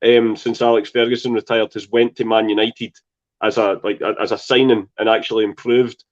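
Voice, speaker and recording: A man co-hosting a football podcast, talking in a measured, analytical way, recorded on dull lo-fi audio. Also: on the low side, little pitch movement. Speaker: podcast co-host. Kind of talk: casual football chat.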